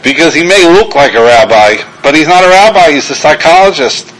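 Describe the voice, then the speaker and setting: Fairly quick and lively in intonation, the older rabbi's voice sits on the high side as he tells an anecdote during a sermon-style talk, with background noise. A guest lecturer, he acts out the characters and pokes fun at himself.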